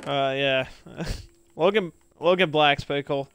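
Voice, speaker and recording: A young man streaming a game, chatting casually and excitably with many fillers and laughs. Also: fairly high pitch, a little slow, a little hiss or hum. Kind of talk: casual gaming chat.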